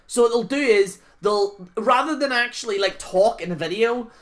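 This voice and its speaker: A woman's voice: fairly high pitch, normal speed. A woman on a wrestling channel ranting off the cuff, rambling and swearing, padding every thought with fillers and scoffing at others. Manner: rambling, profane, full of "like" fillers; scoffing, mocks others with put-on voices. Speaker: wrestling YouTuber. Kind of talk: unscripted rant.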